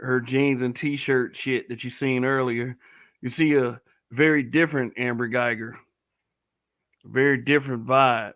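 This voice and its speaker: A man's voice: medium pitch, a bit bright, smooth. A man giving blunt, profane commentary, often restarting and stammering over his words. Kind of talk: casual commentary to camera.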